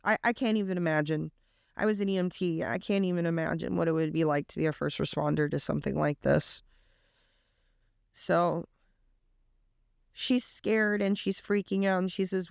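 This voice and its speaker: A woman retells a story in an earnest, casual way, leaning on the emotional moments. Her voice has a gravelly edge. The sound is dry and close. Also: on the low side, fairly even intonation, normal speed, darkish tone, no echo. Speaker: reaction vlogger.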